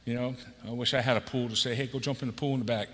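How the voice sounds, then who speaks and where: A man's voice: medium pitch, fairly even intonation, rapid-fire. A man in his sixties, an executive pastor preaching a conversational sermon and acting out quotes with a raised voice. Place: church auditorium. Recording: long hall reverb.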